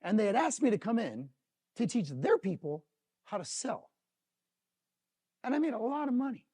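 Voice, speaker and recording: A middle-aged man giving a live motivational talk to a company audience, telling emotional stories and swinging from loud to hushed. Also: high voice, big pitch swings, normal speed, pauses often, breathy edge. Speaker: motivational speaker.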